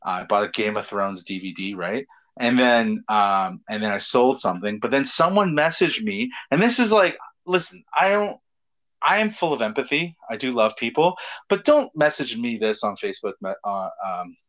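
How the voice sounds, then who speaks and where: A man's voice: mid-range voice, lively intonation, moderate pace, a bit bright. A man co-hosting a casual talk show, telling stories animatedly, laughing, swearing and acting out quotes. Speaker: podcast co-host. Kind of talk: casual chat, storytelling. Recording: dull lo-fi sound.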